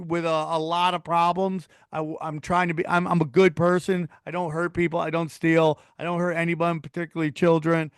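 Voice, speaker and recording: A man's voice: sits high, a bit bright, smooth, no room sound, studio quality. A man hosting a podcast in casual chat, talking in an earnest, rambling way. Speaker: podcast host.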